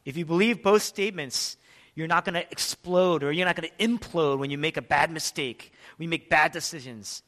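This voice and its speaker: A male pastor preaching a sermon, emphatic, asking questions and answering them, and swinging from loud passages to hushed ones. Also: fairly high pitch, brisk. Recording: long reverb of a large hall.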